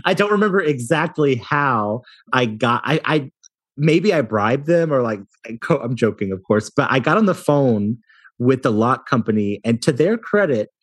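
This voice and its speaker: A man's voice: mid-range voice, lively intonation, unhurried, breathy edge. A man in his thirties, a hotel company founder, telling self-deprecating stories in a casual interview and laughing often.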